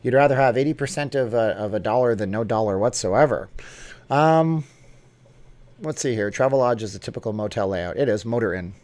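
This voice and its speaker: A man's voice: mid-range voice, fairly quick, darkish tone. A man hosting a casual live stream, chatting and joking as he answers viewer comments off the cuff.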